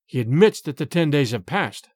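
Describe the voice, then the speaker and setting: Male reader doing a solemn, urgent peasant father in a storybook, dry close sound, lively pitch. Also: normal speed, dry recording. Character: fearful, stern peasant man, head of household. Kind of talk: audiobook character reading.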